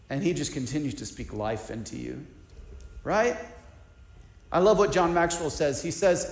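A man's voice: sits high, reverberant. A man preaching a sermon as a pastor, emphatic and repeating key lines for stress.

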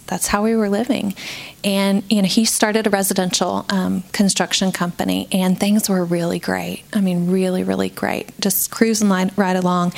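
A woman from Georgia, sharing a candid, reflective personal faith testimony with light laughs. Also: fairly low pitch. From Georgia, USA.

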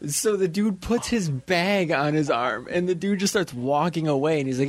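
A man's voice: a little high, fairly quick. A young man co-hosting a podcast, chatting casually and acting out the people in his stories. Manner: animated storyteller, acts out the people in his stories. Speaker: podcast co-host. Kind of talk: casual chat.

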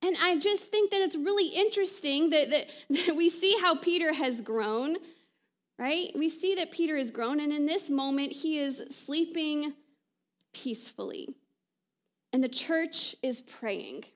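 A woman pastor delivering a sermon in a conversational way, often checking in with "right?" and trailing off softly at the ends of phrases. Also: high voice, a little slow. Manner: conversational preaching, frequent "right?" asides.

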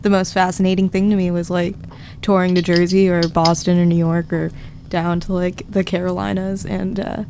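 A woman's voice: on the low side, little pitch movement, moderate pace, background noise. A young woman from Virginia, a touring musician, chatting casually on a podcast and laughing often. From Virginia, US East Coast. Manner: laughs often, self-deprecating.

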